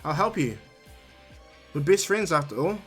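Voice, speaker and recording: A man's voice: on the high side, very animated, normal speed, slightly rough, faint music behind. A man doing a cocky overpowered young ninja. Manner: blunt, teasing.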